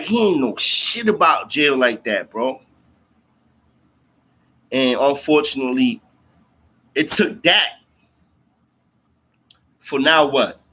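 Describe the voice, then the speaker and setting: A man's voice: medium pitch, bright, forceful tone, slightly rough. A man telling a story in casual, slangy speech full of fillers and profanity. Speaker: storyteller recounting jail time.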